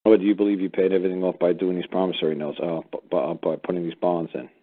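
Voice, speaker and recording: A man's voice: low voice, little pitch movement, rapid-fire, slightly rough. A man hosting a call-in radio show, blunt and profane, lecturing callers. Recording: phone-like narrow sound.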